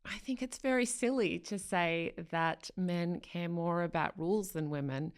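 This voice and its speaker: A woman co-host in casual podcast chat, with a somewhat low voice. She talks in a wry, sardonic way, summing up ideas and then poking holes in them. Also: unhurried, clean tone.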